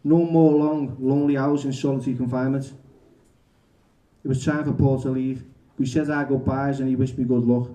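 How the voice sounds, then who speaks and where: A man's voice: mid-range voice, level tone, a little fast, dark tone. A man telling candid stories and reading his own book aloud at a bookshop event, frank and self-mocking, chatty with lots of fillers. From England.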